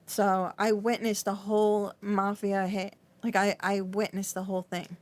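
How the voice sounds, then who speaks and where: Middle-aged woman, podcast guest, mid-pitched, trembling voice, halting and full of restarts. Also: level tone. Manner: halting, repeats and restarts often, fillers like "like". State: shaky, trembling. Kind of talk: emotional interview recollection.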